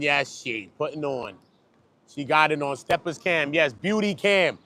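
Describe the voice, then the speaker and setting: A man livestreaming outdoors on a busy street, talking loud, joking and cursing as he hypes up people around him. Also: fairly high pitch, unhurried. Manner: animated, profane, joking, hypes up passersby. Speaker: livestreaming vlogger.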